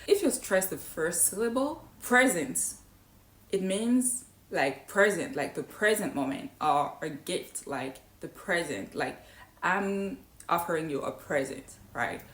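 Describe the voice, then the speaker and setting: A woman whose first language is not English gives an English pronunciation lesson. Her voice sits slightly low, and she explains each point step by step, often checking in with "right?". The room around her is echoey. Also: animated, unhurried.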